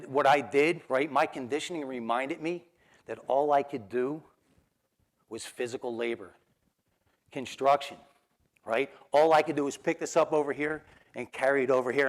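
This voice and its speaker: A middle-aged man with a New Jersey accent telling personal stories in a keynote talk, acting out the dialogue and laughing often. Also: mid-range voice. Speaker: motivational speaker.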